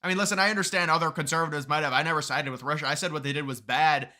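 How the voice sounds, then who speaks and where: Very fast, pushed and bright, with a fairly high pitch and steady tone, this man's voice carries a political live stream where he responds to chat. He argues, grows heated and emphatic, and keeps restarting and repeating words.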